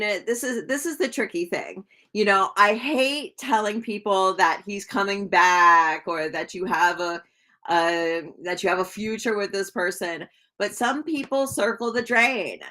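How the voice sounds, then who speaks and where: A woman's voice: medium pitch, bright, forceful tone. Chatty woman giving a tarot reading. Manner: chatty, rambling, lots of fillers and laughs; greets viewers by name while reading. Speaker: tarot reader. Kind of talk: live-stream tarot reading, casual chat.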